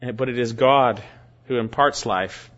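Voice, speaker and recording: A man preaching an expository sermon, reading verses aloud with slow, deliberate emphasis. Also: medium pitch, a bit bright. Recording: dull lo-fi recording.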